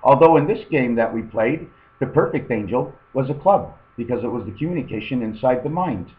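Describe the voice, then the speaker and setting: A man's voice: medium pitch, expressive, brisk, echoey room. Rambling man on tinny webcam audio. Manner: meandering, free-associating, repeats "okay". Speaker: webcam vlogger. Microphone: webcam microphone.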